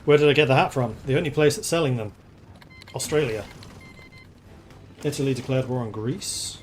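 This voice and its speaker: A man's voice: medium pitch, normal speed, darkish tone, slight background noise. Man chatting through a strategy game. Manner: thinking aloud, chatty and playful. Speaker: game streamer. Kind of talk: casual gameplay commentary.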